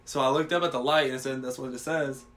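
A man's voice: mid-range voice, steady tone, fast talker, a bit bright. A young man casually telling a profane workplace story, acting out the quotes as he goes.

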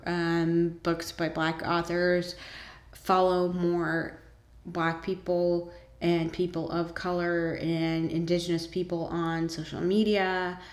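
A woman's voice: fairly low pitch, a little mellow, reverberant. A woman vlogger chatting casually about shows and books she enjoys, with many ums and eager asides.

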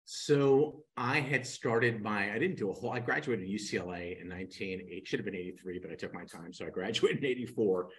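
An older man with a fairly low, husky voice speaks briskly with few pauses as a guest real estate coach on a podcast, telling his story and acting out the people he quotes. The recording quality is poor.

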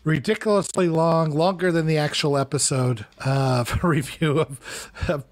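A man's voice: on the high side, steady tone, measured pace. A middle-aged man co-hosting a casual podcast chat, telling long rambling stories full of restarts and asides. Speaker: co-host.

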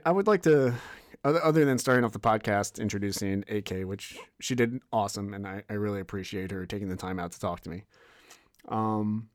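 A man's voice: fairly low pitch, dry recording, studio quality. A young man hosting a podcast, talking casually in a rambling way with lots of fillers and restarts. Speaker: podcast host. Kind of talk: casual solo podcast intro.

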